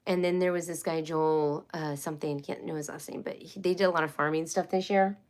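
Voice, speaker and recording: A woman's voice: deep voice, fairly even intonation, brisk, darkish tone. A woman hosting a casual homeschool live stream, chatty and rambling, with many fillers and restarts. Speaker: homeschool livestream host.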